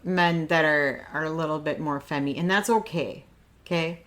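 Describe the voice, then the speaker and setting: A middle-aged woman co-hosting a podcast with her daughter, making calm, motherly remarks. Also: sits low, moderate pace. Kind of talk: casual chat.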